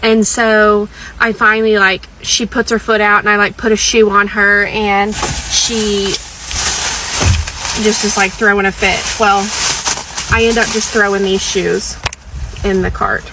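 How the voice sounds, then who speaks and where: A woman's voice: mid-range voice, level tone, measured pace, noisy background. A mother telling a long, rambling story in an exasperated rant. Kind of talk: venting mom rant.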